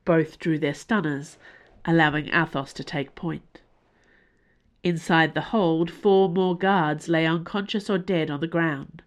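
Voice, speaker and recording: A woman with a lowish voice narrating an audiobook. Her delivery is expressive and shifts with the action of the story. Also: unhurried.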